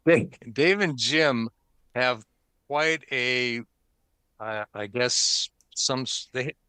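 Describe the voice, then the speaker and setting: A man's voice: medium pitch, very slow, pauses often, bright, forceful tone, clean tone, no room sound. A man hosting a podcast, chatting casually and reading the show intro in an upbeat way, laughing often. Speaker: podcast host.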